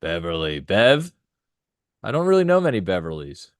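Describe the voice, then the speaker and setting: Low-voiced young man, rambling chat. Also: wildly swooping pitch, moderate pace, no room sound. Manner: rambling, filler-heavy, laughs easily. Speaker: podcast co-host. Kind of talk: casual chat.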